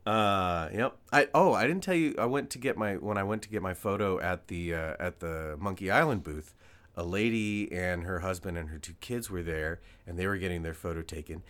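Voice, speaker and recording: A man's voice: low-pitched, moderate pace, fairly bright tone. A man co-hosting a podcast, telling stories in a casual, self-deprecating way with lots of laughter and restarts. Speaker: podcast co-host. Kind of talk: casual chat.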